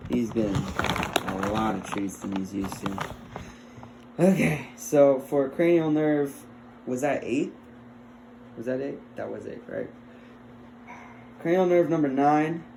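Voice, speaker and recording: Slow-talking young man, roomy room. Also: mid-range voice, darkish tone. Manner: chatty and fumbling, laughs often, coaxes his dog. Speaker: health assessment student. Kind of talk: casual recorded skills demonstration. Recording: roomy with faint noise.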